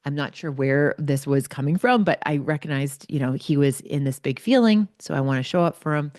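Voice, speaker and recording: A middle-aged woman hosts a podcast, offering casual advice and anecdotes in a chatty way full of fillers like "like" and "right?". Her voice sits low and a little mellow, she talks a little fast, and the recording is dry with clean studio sound.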